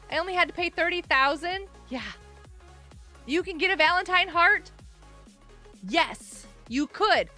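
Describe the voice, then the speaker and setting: A woman with a very high, bright voice that leaps up and down as she chats through a live game stream. She talks at an unhurried pace, gushing and giggling as she thanks viewers. Faint game music plays behind her. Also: lively intonation. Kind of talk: casual live gaming stream chat.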